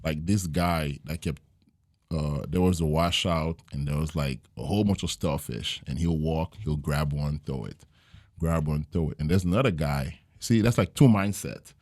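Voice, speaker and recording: A jiu-jitsu gym owner, appearing as a guest on a casual podcast interview, speaks earnestly in a very deep, darkish voice. He tells his stories reflectively and often pauses on fillers. The sound is dry and close, with almost no room.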